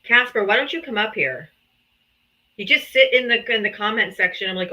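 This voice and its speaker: A woman's voice: mid-range voice, fairly quick, pushed and bright, muffled recording. A woman hosting a live political debate stream, blunt and mocking, with a theatrical streak. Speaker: debate host.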